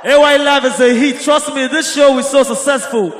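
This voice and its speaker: A man with a Nigerian accent shouting to a concert crowd, chanting and singing between calls. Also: very high voice, steady tone, moderate pace, hardly any pauses. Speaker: stage performer hyping a crowd. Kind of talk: live concert hype and singing. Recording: echoey live hall with crowd and music.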